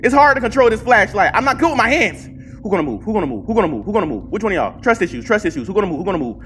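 A man playing a horror game with commentary, swearing a lot and yelping and shouting when startled, chatting to his game companion. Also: high voice, very animated, rapid-fire, faint music behind. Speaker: gaming channel host.

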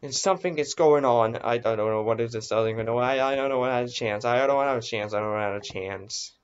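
A man's voice: mid-range voice, a little fast, clear, resonant tone. A man hosting a casual reaction video, easily startled and exclaiming, talking himself into being brave. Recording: dull lo-fi recording.

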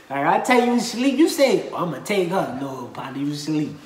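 Young New Orleans woman, animated casual chat, echoey room with faint hiss. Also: low voice, unhurried. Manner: animated, laughing, acts out quotes. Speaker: co-host. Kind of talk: casual chat explaining slang.

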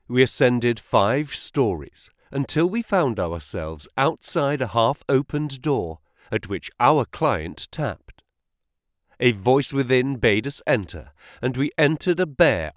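A man's voice: medium pitch, no room sound, studio quality. A man reading a classic detective story aloud as narrator, voicing each character. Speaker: audiobook narrator.

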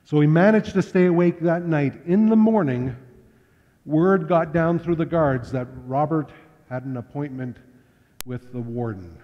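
Pastor guy telling stories in a sermon, chatty, kinda high mellow voice, big echoey hall. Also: a little slow. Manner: conversational, anecdotal storyteller. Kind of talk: storytelling sermon. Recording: dull lo-fi sound with long hall reverb.

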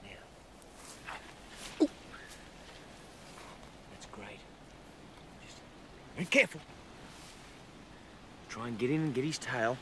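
A man with an Australian accent presenting wildlife outdoors, excitable and full of quick exclamations. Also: mid-range voice. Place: outdoors in the bush. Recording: noisy outdoor field recording.

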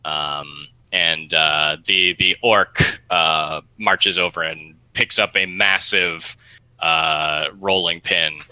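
A man narrating a tabletop game as game master, describing scenes in a halting way with many fillers. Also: low-pitched, fairly even intonation, bright, forceful tone, clear, resonant tone, no echo, low-quality recording.

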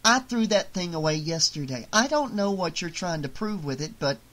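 A woman's voice: fairly low pitch, lively intonation, moderate pace, fairly bright tone. A narrator voicing an anxious, secretive mother who pleads and insists, near tears, in an audiobook. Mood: insistent. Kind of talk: audiobook character reading.

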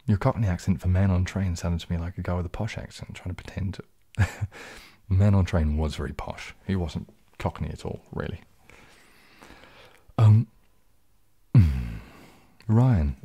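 Low husky soft-spoken man. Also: moderate pace. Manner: relaxed, rambling, drops into whispers, reads chat aloud. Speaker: ASMR livestream host. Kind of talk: casual soft-spoken livestream chat.

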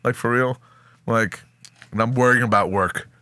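A man's voice: mid-range voice, fairly even intonation, moderate pace, sharp tone, no room sound. A man telling a story in casual chat, swearing a lot and acting out his own reactions. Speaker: podcast guest.

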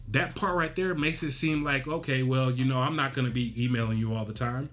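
A man's voice: medium pitch, steady tone, a little fast, few pauses, fairly bright tone, faint music behind. Direct, emphatic male sales coach. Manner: direct, emphatic, frequent "right?" tag questions. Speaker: real estate coaching host. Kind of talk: casual instructional talk.

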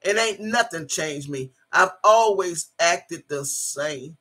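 Husky, forceful woman streamer. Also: fairly low pitch, animated, takes it slowly. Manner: loud, profane and boastful, laughs often. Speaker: livestream host reading chat. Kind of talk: casual livestream chat.

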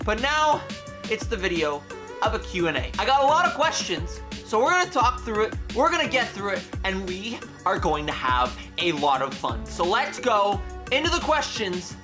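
A man's voice: high voice, moderate pace. Young male vlogger, peppy and opinionated, casual Q&A delivery with music underneath. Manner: energetic, playful, opinionated. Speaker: YouTube host. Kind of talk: casual Q&A vlog.

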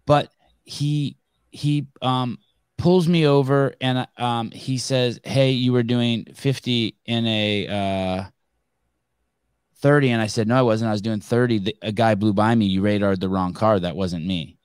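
A man's voice: mid-range voice, fairly even intonation, a little slow, clean tone, dry recording, clean studio sound. A man hosting a podcast in casual interview chat, who restarts his sentences often and swears freely. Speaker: podcast host.

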